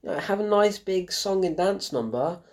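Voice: medium pitch, expressive, normal speed. A young adult, giving a casual, rambling film review full of sarcasm and self-corrections.

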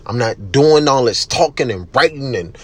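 A man hosting a casual solo podcast, ranting bluntly with heavy cursing, emphatic and loud at times. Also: medium pitch, animated, normal speed, husky. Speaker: podcast host.

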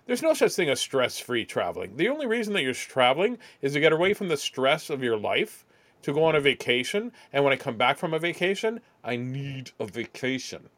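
A male comedian guest on a podcast, rambling through deadpan jokes and stories. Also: on the high side, brisk.

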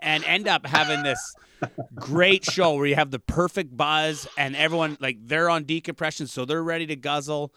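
Bright, crisp-voiced comedian. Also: male voice, fairly high pitch, moderate pace. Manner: rambling, animated storytelling with restarts. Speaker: comedian guest. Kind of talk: casual storytelling chat.

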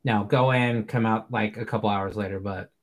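A man's voice: on the low side, steady tone, moderate pace. A man hosting a podcast, telling stories in casual chat, laughing often and swearing casually. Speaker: podcast host.

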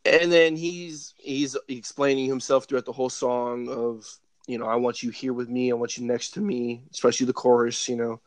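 A man's voice: medium pitch, little pitch movement, moderate pace, few pauses, no echo. A man co-hosting a podcast in casual chat, rambling and swearing freely as he gets emotional. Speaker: podcast co-host.

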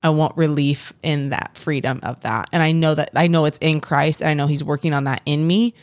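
A woman's voice: sits low, steady tone, a little fast, dry recording, clean studio sound. A young adult woman co-hosting a casual faith podcast, earnest and rambling with frequent restarts. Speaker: podcast co-host.

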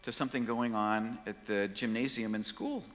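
A man's voice: on the low side, fairly even intonation, normal speed, a bit bright, long reverb tail, close to an everyday voice. A man quoting a friendly school girl.

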